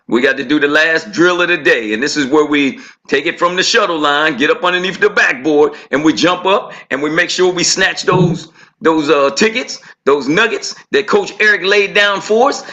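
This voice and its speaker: A high, bright male voice with a hyped, playful manner. He wraps up a segment on a group call, laughing easily and keeping the energy up with sports talk. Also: lo-fi sound. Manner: hype, playful, basketball metaphors, laughs a lot. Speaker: segment host.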